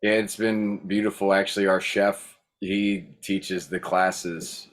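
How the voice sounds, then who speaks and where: A man's voice: sits low, flat delivery, takes it slowly. A man chatting casually on a video call, rambling and hesitant with frequent restarts. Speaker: workshop host.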